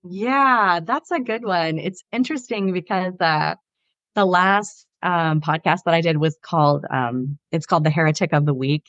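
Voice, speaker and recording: Animated woman telling stories as a guest. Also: on the low side, moderate pace, dry recording, highs cut off. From Southern US. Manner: animated, lively anecdote telling. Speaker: podcast guest, author. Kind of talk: casual interview storytelling.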